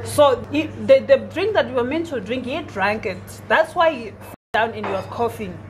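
A woman's voice: on the high side, animated, normal speed, rough recording. A woman playing a waiter, soothing and repeating reassurances in a scripted skit.

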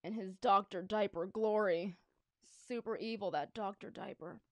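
A woman's voice: medium pitch, moderate pace, no echo. A woman reading a children's book aloud on a livestream, with playful, chatty asides.

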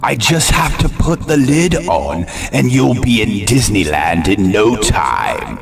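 A man's voice: fairly low pitch, big pitch swings, slow pace, creaky, a crowd in the background, exaggerated voice. A man voicing a creepy boy who coaxes a girl along, speaking eagerly over music in a horror story reading. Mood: coaxing.

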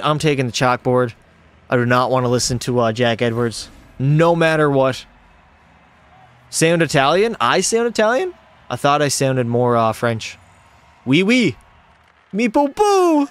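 A man's voice: medium pitch, moderate pace, a bit bright, smooth. A young man streaming a hockey video game, doing hyped play-by-play and answering chat with jokes. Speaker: gaming streamer. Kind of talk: live gameplay commentary with chat.

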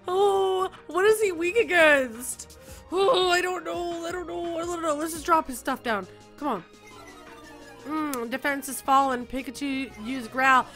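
High, bright, giggly young woman gamer. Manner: giggly, squealing, swings from loud outbursts to mumbling. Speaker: gaming YouTuber. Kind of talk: excited let's-play commentary.

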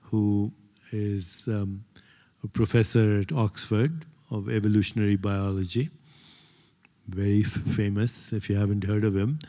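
Older male speaker, low mellow voice, roomy hall, casual lecture with asides. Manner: conversational lecturing, many fillers and asides. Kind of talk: talk to an audience. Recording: long hall reverb.

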